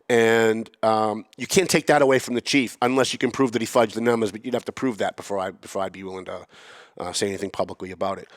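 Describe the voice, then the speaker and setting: A man's voice: medium pitch, no room sound, clean studio sound. A man hosting a local politics podcast, blunt and opinionated, rambling with restarts. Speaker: podcast host. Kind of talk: casual local politics talk.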